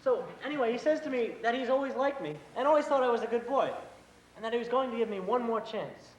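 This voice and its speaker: A man's voice: very high voice, fast talker, dull audio. A young man acting an earnest, hot-headed eighteen-year-old brother in a school stage play, telling a story animatedly. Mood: indignant storytelling. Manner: animated storytelling, mimics his boss. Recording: echoey auditorium, faint hiss.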